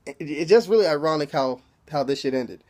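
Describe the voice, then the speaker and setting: A man's voice: a little high, expressive, a little fast, darkish tone. A man recapping a TV episode in a casual, rambling, slangy way, swearing and laughing as he goes. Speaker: TV episode reviewer.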